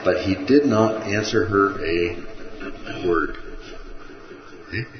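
A man's voice: fairly low pitch, slow. A man teaching a Bible study, in a conversational way, with rhetorical questions and frequent checks of "okay?". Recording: muffled, roomy recording.

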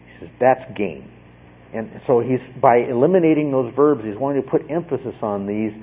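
Husky-voiced man preaching over tinny radio. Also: medium pitch, expressive, normal speed. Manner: explanatory, often checks in with a questioning "okay?". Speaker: pastor. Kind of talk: sermon teaching. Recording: tinny phone-like radio sound.

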